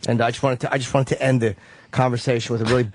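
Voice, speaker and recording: A man's voice: medium pitch, flat delivery, rapid-fire, a little hiss or hum. A man co-hosting a talk radio show, rambling and self-mocking, with heavy swearing. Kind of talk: crude casual radio banter.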